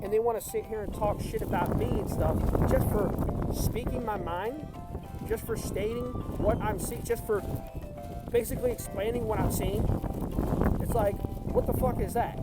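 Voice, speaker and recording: A man's voice: high voice, normal speed, loud music behind the voice. A man ranting angrily on camera, swearing often, in a clip played from a video. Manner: angry, profane ranting.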